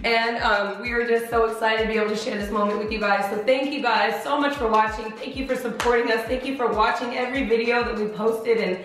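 A woman's voice: a little high, steady tone, a little fast, hardly any pauses, a bit bright. A young woman vlogger chatting to camera, emotional and laughing through tears. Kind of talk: casual chat to camera. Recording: echoey room with music behind.

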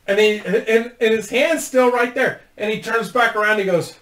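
A man with a high voice tells a rambling, profane story straight to camera for his own channel. He laughs easily as he talks. The sound is roomy and echoey. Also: moderate pace, fairly bright tone. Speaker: YouTube host.

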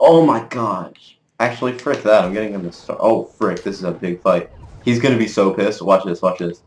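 A man giving live gameplay commentary as a gaming video creator, excitable, cursing mildly and trash-talking his opponents. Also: fairly low pitch, moderate pace. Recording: roomy echo.

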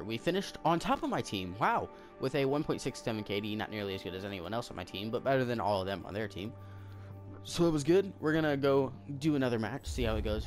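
A man giving chatty, excitable commentary while he plays a game, often breaking into sudden exclamations. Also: lowish voice. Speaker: gamer. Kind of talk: casual gameplay commentary. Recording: game audio mixed with loud music. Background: game music.

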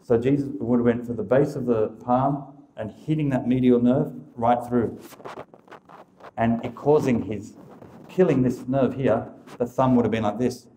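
A man's voice: mid-range voice, fairly even intonation, moderate pace, mellow, reverberant, a little hiss or hum. A man giving a religious teaching talk as a Catholic speaker, emphatic and full of rhetorical questions.

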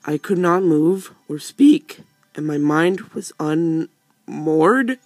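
A man's voice: on the high side, animated, slow pace, no echo, soft background music, exaggerated voice. A man voicing a stately pillow prince from a video game who speaks in grand, archaic phrasing. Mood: grandiose.

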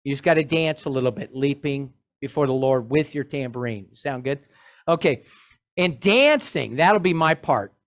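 A male pastor preaching a sermon in an animated way, with joking asides to his congregation. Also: mid-range voice, moderate pace.

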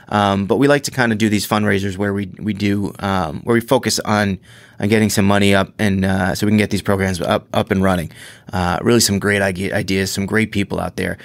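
Guy rambling on his own podcast, kinda low voice, dry close mic, keeps restarting his sentences. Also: no echo. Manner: rambling, many restarts, excitable. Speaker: podcast host. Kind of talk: casual solo podcast monologue.

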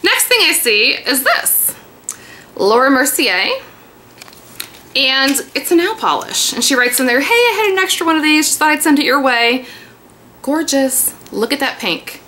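A woman in her thirties chatting excitedly about a mail haul in a casual vlog. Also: high voice, unhurried, slight background noise. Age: 30s. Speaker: beauty vlogger. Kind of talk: casual haul video chat.

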